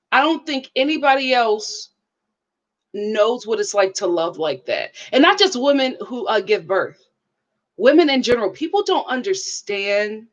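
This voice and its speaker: A woman with features giving a casual live review of a reality show, speaking to her viewers in an animated, preachy way. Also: fairly high pitch, muffled recording.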